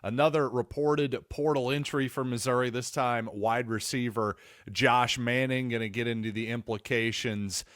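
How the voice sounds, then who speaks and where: A man's voice: mid-range voice, steady tone, moderate pace, fairly bright tone, no room sound, studio quality. A man hosting a sports podcast, talking casually in a wry, digressive, self-deprecating way. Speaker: podcast host.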